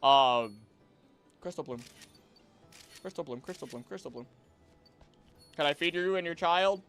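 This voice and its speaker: A man chatting with his viewers while playing a video game, rambling and bursting into sudden excited reactions. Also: a little high, soft background music. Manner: animated, rambling, quick reactive outbursts. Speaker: game streamer. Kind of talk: live gameplay commentary to chat. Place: home, seated at a computer.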